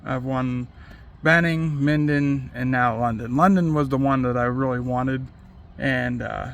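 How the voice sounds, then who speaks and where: A man in a casual vlog speaks in a gravelly, mid-range voice, open and self-critical. His talk is loose and unscripted, peppered with "like" and frequent swearing. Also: medium pitch, measured pace, a bit bright, slight background noise. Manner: candid and self-critical, swears freely, many "like" fillers. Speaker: vlogger and competitive archer.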